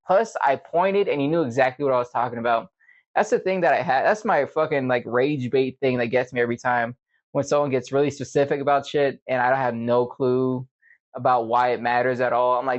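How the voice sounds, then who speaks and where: A young man on a dull, lo-fi recording vents at mid pitch in a loose, rambling monologue. He swears freely and talks like he is hosting his own casual podcast. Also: steady tone, fairly quick. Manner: rambling, profane, venting. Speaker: podcast host.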